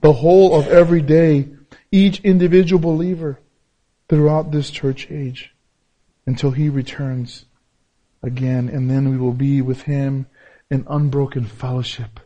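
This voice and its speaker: A man preaching a sermon as pastor, repeating key phrases and swinging between loud, emphatic peaks and low, soft passages. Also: flat delivery, measured pace.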